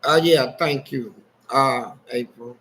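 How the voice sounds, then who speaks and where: A man's voice: mid-range voice, slow, bright, forceful tone, rough recording. A man telling frank, streetwise stories in a casual livestream chat and laughing along as he goes. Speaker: guest storyteller on a livestream.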